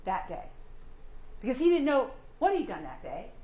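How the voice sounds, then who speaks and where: A woman's voice: fairly high pitch, huge pitch swings, moderate pace, mellow. A woman prosecutor delivering a closing argument, pressing the jury with emphatic rhetorical questions. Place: courtroom. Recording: echoey courtroom with faint hum.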